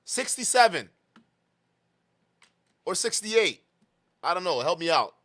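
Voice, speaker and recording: A man's voice: high voice, big pitch swings, slow, fairly bright tone. A man in his twenties doing mocking reaction commentary, laughing often. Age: 20s.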